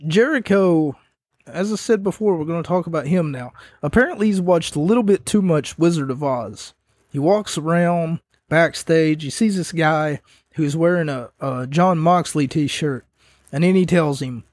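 Young guy rambling thru a wrestling recap, kinda high voice, dry close sound. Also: moderate pace, dry recording. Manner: rambling, animated when retelling. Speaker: wrestling commentator. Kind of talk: casual recap commentary.

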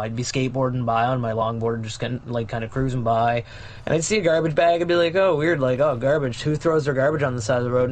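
A man's voice: medium pitch, slight background noise. A man co-hosting a podcast in casual news-chat style, rambling and joking, with plenty of swearing. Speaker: podcast co-host.

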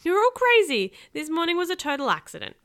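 Woman doing a squeaky nervous ten-year-old boy. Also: sing-song, moderate pace, fairly bright tone. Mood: shrieking. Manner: high, squeaky, bewildered.

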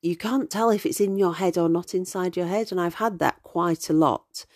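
A woman in her forties hosts a podcast, telling stories casually in a chatty, digressive style with lots of ums. Her voice is on the low side and a little mellow, at a normal speed, captured in a dry, clean studio recording.

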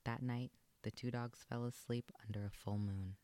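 A man narrating a children's storybook aloud in an expressive, lilting read. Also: mid-range voice, moderate pace.

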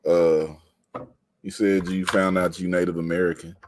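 A man interviewing a guest in a relaxed, friendly way. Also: low voice, normal speed, background noise. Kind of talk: casual interview questions.

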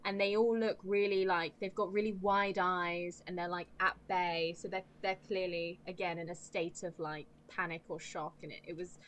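A woman's voice: on the low side, flat delivery, moderate pace, few pauses, a bit bright. A woman co-hosting a podcast, talking earnestly and chattily about a film, often restarting her sentences. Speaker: podcast co-host. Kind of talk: casual film review chat.

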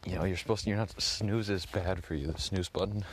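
A young man talks into his phone in a loose, rambling vlog, stacking "like" and casual swearing. His voice sits very low. A faint hiss runs under it. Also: fairly even intonation, brisk. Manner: rambling, swears a lot, heavy use of "like". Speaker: vlogger.

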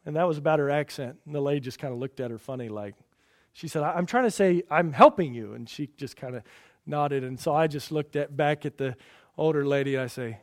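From the pulpit, a middle-aged pastor preaches briskly in a fairly high voice. His folksy, storytelling sermon builds to loud, emphatic lists and then drops into quiet, personal asides.

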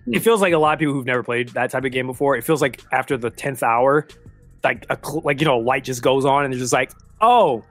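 A man's voice: mid-range voice, fast, fairly bright tone, no room sound, soft background music. A man co-hosting a casual gaming podcast, rambling and swearing as he explains. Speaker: podcast co-host. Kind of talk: casual chat.

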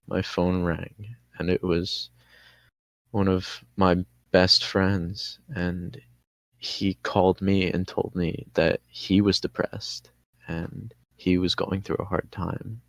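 A podcast guest with a low, gravelly voice tells his story slowly. His delivery stays flat and halting, with frequent restarts. The sound is dry and close. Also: dry recording. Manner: halting, restarts often, candid with swearing. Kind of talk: personal story in casual conversation.

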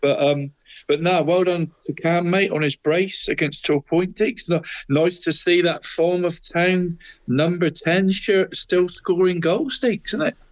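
Bloke co-hosting footy chat, bit high voiced, mate this mate that. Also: male voice, unhurried, rough recording. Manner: chatty, tags "mate" onto almost every phrase. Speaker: podcast co-host. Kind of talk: casual football chat.

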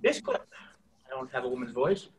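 A man's voice: medium pitch, animated, moderate pace. A man in casual chat, unsure of himself and self-deprecating.

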